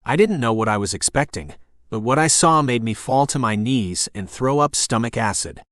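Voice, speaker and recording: A man narrating a first-person novel as an audiobook in a steady storytelling voice. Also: mid-range voice, moderate pace, dry recording, clean studio sound.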